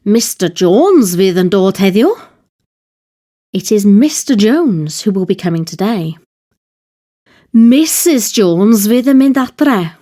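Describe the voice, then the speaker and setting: A woman reading a scripted Welsh grammar lesson in a slow, careful, measured way. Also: medium pitch, dark tone. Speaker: language teacher.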